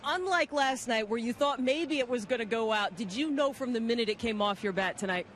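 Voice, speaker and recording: A woman's voice: fairly high pitch, brisk, a bit bright. A woman reporter doing a cheerful postgame interview with a player. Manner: cheerful, chatty. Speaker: sideline reporter.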